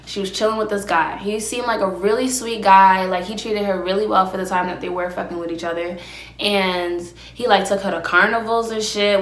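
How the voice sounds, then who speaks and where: Woman podcast host, young adult, brash and profane, casual solo chat, phone recording, middle pitch, echoey room. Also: a bit bright. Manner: brash, profane storytelling, eats while talking. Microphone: phone camera with ring light. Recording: roomy echo.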